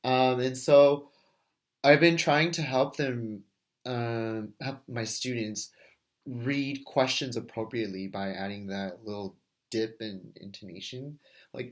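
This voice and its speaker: A man's voice: mid-range voice, fairly even intonation, slow pace. Casual young man reflecting aloud. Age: 20s. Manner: casual, thinking aloud with fillers and restarts. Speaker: first grade teacher. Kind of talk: recorded class discussion reflection.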